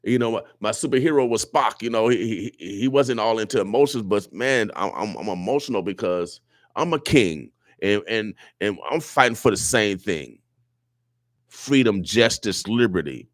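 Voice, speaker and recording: A man's voice: on the low side, lively intonation, normal speed, no echo, studio quality. A man hosting a radio show, delivering an emotional, preachy monologue with lots of repetition. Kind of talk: impassioned talk radio monologue. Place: radio studio.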